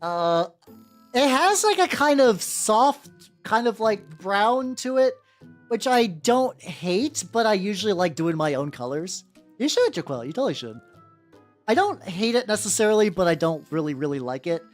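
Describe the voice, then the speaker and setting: With a medium-pitched voice that moves through big pitch swings at a moderate pace, an American woman paints miniatures on her VTuber stream. She chats with viewers casually, rambling and cursing, over faint background music.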